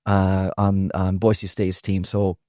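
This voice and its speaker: A male podcast host speaks in a lowish, warm voice, affirming his guest and reflecting. The recording is dry and close to the mic. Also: completely flat delivery, slow pace, no room sound. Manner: affirming, reflective, leads with questions. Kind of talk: conversational interview.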